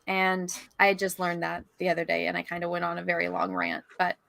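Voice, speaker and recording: A woman's voice: lowish voice, monotone, fairly quick, creaky, a bit bright, dry recording. A woman guest on a casual podcast, ranting and swearing freely. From California. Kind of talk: casual group chat.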